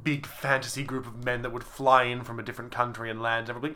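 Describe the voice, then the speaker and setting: A young man co-hosting a podcast, teasing his friend with blunt quick remarks in casual chat. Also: medium pitch, fairly even intonation, bright, forceful tone, a little hiss or hum. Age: young adult. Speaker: podcast co-host.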